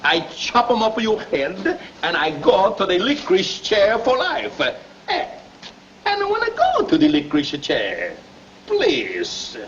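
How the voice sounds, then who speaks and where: An actor playing a hot-tempered but big-hearted Italian immigrant grocer, speaking broken English with an Italian accent and Italian phrases. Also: male voice, high voice, wildly swooping pitch, takes it slowly, fairly bright tone, full character voice. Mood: argumentative. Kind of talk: 1930s film acting. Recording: dull scratchy 1930s film soundtrack.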